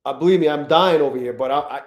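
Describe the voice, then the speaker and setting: A man streaming live, talking casually and excitably to his chat, swearing often and greeting viewers by name. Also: fairly high pitch, quick pace, roomy sound.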